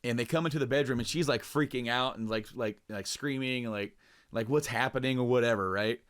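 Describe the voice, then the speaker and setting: A young man chatting casually on a podcast, his pitch sitting in an ordinary middle range. He rambles through stories with plenty of fillers and restarts, curses freely, and jumps up in pitch whenever he acts out what someone said. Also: a little fast, a bit bright. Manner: acts out quoted lines in a raised voice. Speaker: podcast co-host. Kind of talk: casual chat.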